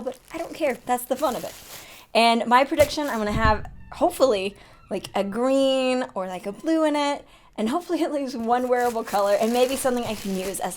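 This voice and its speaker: A young woman in a casual makeup unboxing vlog, chatty and excitable, often gasping and laughing. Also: a little high, a little hiss or hum. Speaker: beauty vlogger.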